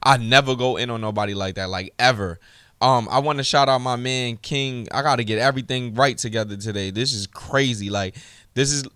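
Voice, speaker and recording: A man's voice: medium pitch, clean tone, no echo, clean studio sound. A man hosting his own podcast alone, ranting heatedly with lots of profanity. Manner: heated, profane, rising to shouts when ranting. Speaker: podcast host. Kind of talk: solo podcast rant.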